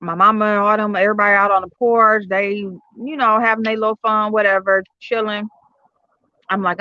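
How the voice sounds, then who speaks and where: A woman's voice: mid-range voice, fairly even intonation, normal speed, pushed and bright, no room sound. A woman, hosting a casual livestream at home, telling stories loosely with lots of fillers and cursing. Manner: loose, profane, storytelling with many fillers. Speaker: livestream host chatting with viewers. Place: at home, indoors. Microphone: streaming software on computer or phone. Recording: slightly dull lo-fi stream audio.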